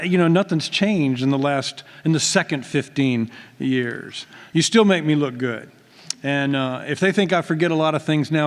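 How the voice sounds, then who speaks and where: A man's voice: fairly high pitch, smooth. A man, a pastor, giving a folksy, self-deprecating speech at a church retirement party. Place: church hall. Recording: long hall reverb.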